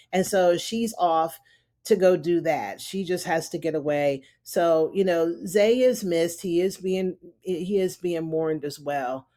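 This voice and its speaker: A woman's voice: fairly low pitch, darkish tone. A woman recapping a TV episode in a loose, chatty way, full of "you know" and "honey". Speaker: TV recap reviewer. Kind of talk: casual spoken episode recap.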